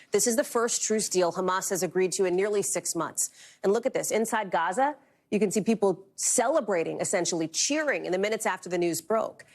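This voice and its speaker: Brisk woman news anchor. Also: mid-range voice. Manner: brisk, emphatic headline delivery. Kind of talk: live cable news anchoring.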